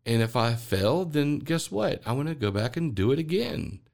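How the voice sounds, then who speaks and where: A man's voice: medium pitch, very animated, normal speed, gravelly, darkish tone. A man hosting a podcast, talking through spiritual ideas in an earnest, rambling way and often repeating words as he thinks aloud. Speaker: podcast host. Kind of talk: spiritual monologue.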